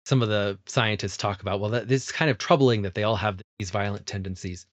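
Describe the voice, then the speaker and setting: A man hosting a casual film podcast who laughs often and retells scenes with animated energy. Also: on the low side, brisk, no room sound. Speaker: podcast host.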